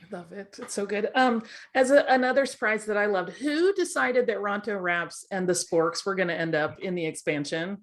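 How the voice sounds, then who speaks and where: A woman's voice: mid-range voice, moderate pace, few pauses. Curious woman moderating a call. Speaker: panel moderator. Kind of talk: casual panel chat. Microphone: video call.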